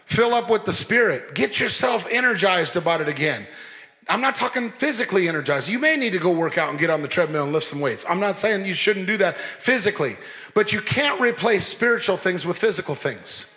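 High, bright-voiced man preaching a sermon. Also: fairly quick. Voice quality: animated, playful, mimics people. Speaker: pastor. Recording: long hall reverb.

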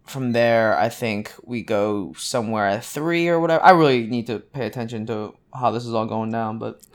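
Man in his thirties, co-host, mid-pitched voice, meandering casual storyteller full of ums. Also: normal speed. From United States. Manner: rambling, with many ums and restarts. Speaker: podcast co-host. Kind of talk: casual chat.

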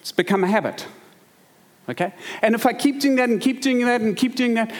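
A man with a South African accent delivers a sermon in a fairly high voice. He moves between teaching and lively, humorous storytelling. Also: brisk. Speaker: pastor.

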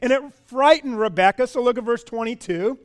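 A pastor preaches a sermon with animation, frequently repeating words and putting questions to his congregation. His voice is very high and runs a little fast.

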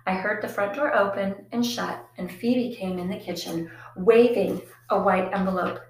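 A woman narrating a first-person storybook in a quiet, reflective, even manner. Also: mid-range voice, moderate pace. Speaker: audiobook narrator. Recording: echoey room.

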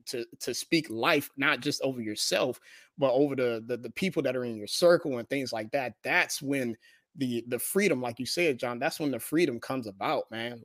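A man co-hosting a casual faith discussion, earnest and halting, often repeating words. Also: medium pitch, a bit bright, dry recording, studio quality. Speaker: podcast co-host.

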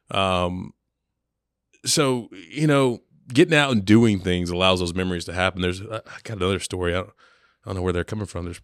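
Gravelly-voiced man telling a laughing story. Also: low voice, fairly bright tone, dry recording, studio quality. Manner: laughs often while telling stories, acts out quotes. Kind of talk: casual storytelling chat.

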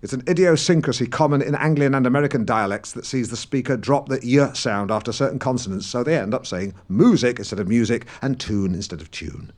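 A man's voice: medium pitch, fast talker, hardly any pauses, natural voice. A man playing a pompous, touchy middle-aged male broadcaster who hosts a comedy podcast, talking in a defensive, pedantic rant. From Norfolk, England. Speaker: podcast host. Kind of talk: scripted comedy podcast monologue.

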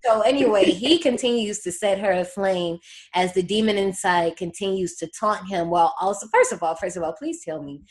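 Animated woman hosting a movie chat. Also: mid-range voice, moderate pace. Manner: animated, laughing often, slangy storytelling. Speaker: podcast host recapping a horror movie. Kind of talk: casual chat.

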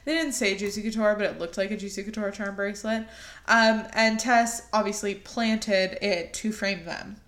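A woman's voice: medium pitch, fairly even intonation, normal speed, fairly bright tone, reverberant. Joking American woman podcast co-host. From United States. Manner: joking, sarcastic, laughs often. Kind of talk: casual chat recapping a movie.

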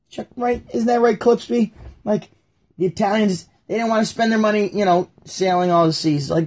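A man's voice: sits high, steady tone, moderate pace, darkish tone. A man giving rambling, sarcastic commentary while reacting to a video and reading aloud. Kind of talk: casual commentary vlog.

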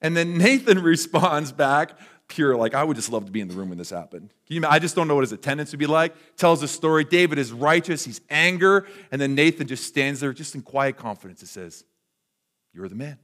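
Slightly high-voiced man preaching a sermon. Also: animated, fairly quick, fairly bright tone. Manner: conversational storytelling with frequent restarts. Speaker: pastor.

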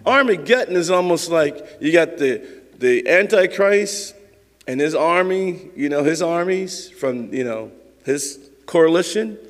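A man's voice: a little high, animated, unhurried. A man preaching a sermon as pastor, in an emphatic, conversational way, acting out the quotes he reads. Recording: long reverb of a large hall.

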